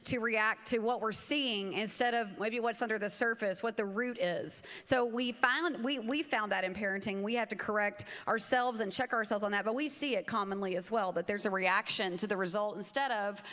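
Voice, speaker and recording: A woman's voice: mid-range voice, normal speed, few pauses, fairly bright tone. A woman pastor co-preaching a sermon in an easygoing, reflective way. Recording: reverberant church hall.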